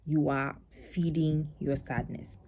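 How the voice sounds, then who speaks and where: A woman's voice: little pitch movement, slow pace, a little mellow. A young woman, a spoken word poet talking her audience through her poem in a reflective, conversational way. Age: young adult. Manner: reflective, conversational, acts out quoted voices in a higher tone.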